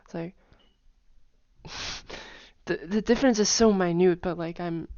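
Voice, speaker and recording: A woman casually explaining tone patterns in a lesson, talking in a chatty way with lots of fillers and humming or singing syllables to show pitch. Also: measured pace, warm tone, dry recording, lo-fi sound. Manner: chatty, many fillers, hums and sings tone patterns. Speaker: language teacher.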